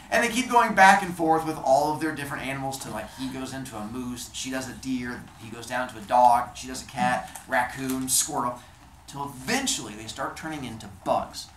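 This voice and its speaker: A man's voice: mid-range voice, moderate pace, a bit bright, a little hiss or hum. A man telling Greek myths in a playful, chatty comedic style, recorded in an echoey room. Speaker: storyteller. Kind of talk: casual comedic storytelling of myths.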